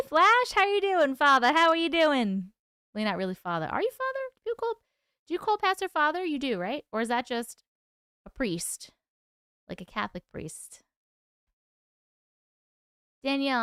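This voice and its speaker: A woman's voice: high-pitched, bright, forceful tone, dry recording, clean studio sound. A woman hosting a casual live stream, chatting bubbly and thanking viewers by name. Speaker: livestream host.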